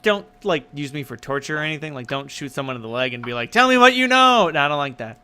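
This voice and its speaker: A man's voice: a little high, sing-song, fast, bright, forceful tone, clear, resonant tone, heavily acted. A man voicing a blunt, bloodthirsty female gun who rambles and talks gleefully about violence.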